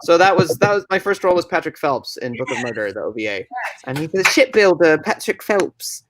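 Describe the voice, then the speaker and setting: A man's voice: fairly high pitch, sing-song, fairly quick, noisy background. A man, a voice actor guest, telling his story in a casual chatty way with many fillers, over a video call. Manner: chatty, full of fillers and restarts. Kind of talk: casual storytelling in a panel chat.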